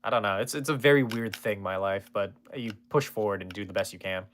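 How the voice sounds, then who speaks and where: A man's voice: lowish voice, brisk, fairly bright tone. A man chatting casually on a live stream, reading and answering chat with rambling, jokey, swearing asides.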